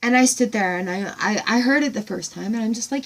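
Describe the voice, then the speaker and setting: A woman in a casual gratitude vlog from home, talking in an excited, rambling way with lots of fillers. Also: on the high side, brisk. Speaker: vlogger.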